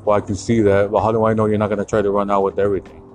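A man's voice: lowish voice, completely flat delivery, rapid-fire, soft background music, close to an everyday voice. A man voicing a suspicious, officious male store security guard in his own storytelling.

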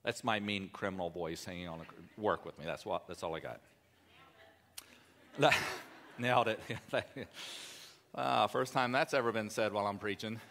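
A man's voice: on the low side, measured pace, long pauses, fairly bright tone, big-room sound, slight background noise. A male pastor giving a sermon, speaking in a conversational, emphatic way with asides to the congregation.

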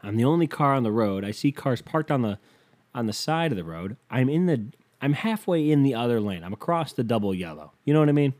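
A man's voice: mid-range voice, animated, fairly quick, darkish tone. A young man telling a story in a casual, rambling way, swearing freely and restarting his sentences often. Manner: rambling, profane, restarts a lot.

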